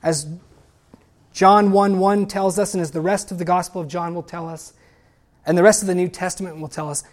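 Speaking at normal speed with fairly even intonation, a woman with a lowish voice preaches, reading lines of scripture and hymns aloud. Her delivery climbs to loud, emphatic exclamations.

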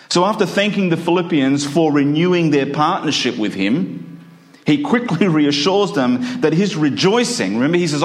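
A man preaching a sermon, explaining a scripture passage with earnest, deliberate emphasis. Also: on the high side, animated. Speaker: pastor.

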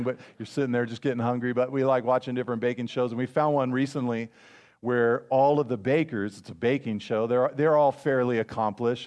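A man preaching a sermon as a pastor, in a conversational way, mixing family stories with scripture and slowing down to stress key phrases. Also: mid-range voice, darkish tone.

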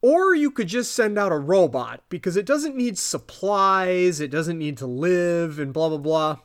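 Slow-talking man recapping an episode. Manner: animated retelling, acts out quotes in high voices, laughs often. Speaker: podcast co-host. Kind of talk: casual recap chat.

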